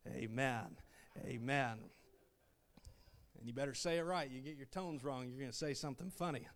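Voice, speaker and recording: Male missionary preacher, mid-pitched, folksy storyteller, swells into loud "Amen" refrains. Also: moderate pace. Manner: folksy, many "uh" fillers, rising to loud "Amen" calls. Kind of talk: sermon.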